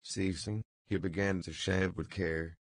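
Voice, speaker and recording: A man narrating a literary audiobook in an unhurried, measured way. His voice is very low with a gravelly texture. The recording is dry and close. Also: steady tone, no room sound.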